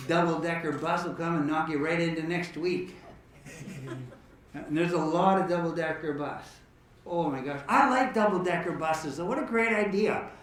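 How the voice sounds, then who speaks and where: A man's voice: on the high side, normal speed, a bit bright, slight background noise. A man hosting a musical program, chatting and joking casually with the audience in a parlor. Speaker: musical entertainer and host. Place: echoey parlor room. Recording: roomy echo from a distant mic, guitar.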